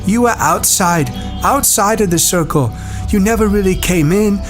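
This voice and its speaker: A performer voicing a shaken boy leader in an audiobook, speaking low and halting. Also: over music, lightly acted. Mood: haunted. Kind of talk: audiobook dialogue.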